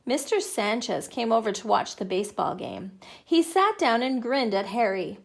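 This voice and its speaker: A woman reading a children's picture book aloud in an animated, playful way. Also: a little high, normal speed, vocal fry, hardly any pauses. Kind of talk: children's story read-aloud.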